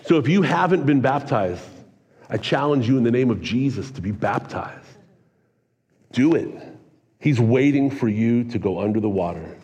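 A man in his forties preaching a sermon, telling a personal story with energetic, earnest, excitable delivery. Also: mid-range voice, normal speed, muffled recording. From California. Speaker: pastor. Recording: long hall reverb.

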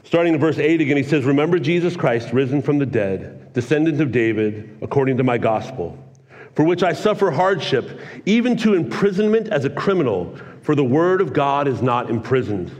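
A man in his forties preaching a sermon, telling a personal story with energetic, earnest, excitable delivery. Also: mid-range voice, fairly quick. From California. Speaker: pastor. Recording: long hall reverb.

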